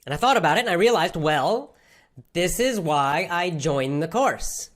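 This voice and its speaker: A woman's voice: fairly low pitch, lively intonation, moderate pace. A woman from Georgia in the United States telling a personal story to language learners in simple, emphatic words with a lot of repetition. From Athens, Georgia, USA. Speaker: English-learning podcast host.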